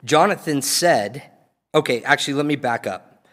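Male preacher, mid-pitched, chatty retelling with asides, reverberant hall sound. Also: expressive, moderate pace, a bit bright. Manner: casual storytelling preaching with asides. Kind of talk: sermon.

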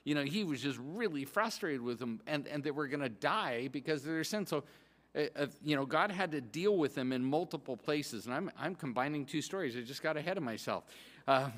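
A pastor giving a sermon in a conversational, excitable way, often restarting his sentences. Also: on the high side, a little fast, big-room sound.

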